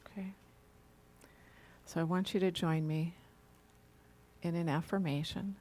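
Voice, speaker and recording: A woman minister delivers a sermon at an unhurried pace. Her voice sits low and calm, and she keeps checking in with the congregation through rhetorical questions. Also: slight background noise. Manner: slow, reflective, asks rhetorical questions with frequent "right?".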